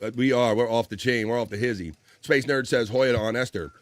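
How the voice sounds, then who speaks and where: A man's voice: mid-range voice, steady tone, fairly quick, dry recording. A man hosting a casual livestream, reading viewer comments aloud, laughing often and swearing casually. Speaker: livestream host.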